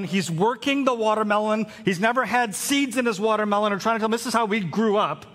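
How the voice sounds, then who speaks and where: Pastor guy preaching, chatty storyteller, high voice, long church-hall echo. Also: a bit bright. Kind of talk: sermon. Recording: hall reverb.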